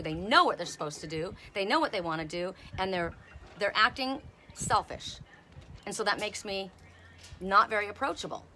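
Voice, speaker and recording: A woman's voice: medium pitch, pushed and bright, slight background noise. A woman reading oracle cards on a casual live stream outdoors, talking bluntly and swearing freely. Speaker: oracle card reader.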